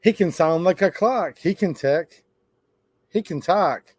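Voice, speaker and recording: A man's voice: sits high, animated, takes it slowly, darkish tone, no echo. A man hosting a live stream, reading a children's rhyme book aloud in a playful sing-song way.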